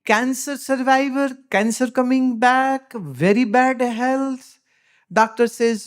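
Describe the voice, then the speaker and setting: A woman's voice: high-pitched, slow. A woman with an Indian English accent gives a spiritual discourse as a teacher, speaking emphatically and asking pointed rhetorical questions.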